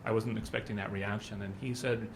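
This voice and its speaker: A man's voice: fairly low pitch, flat delivery, brisk, a little hiss or hum. A middle-aged man speaking at a symposium, telling anecdotes in a loose, conversational way. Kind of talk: conference talk.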